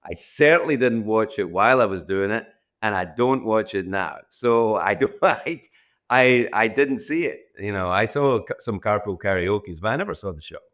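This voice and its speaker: A man's voice: lowish voice, lively intonation, normal speed, fairly bright tone. Rambling Scottish man in his sixties. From Scotland. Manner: rambling, self-deprecating, restarts often. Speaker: guest. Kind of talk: podcast interview.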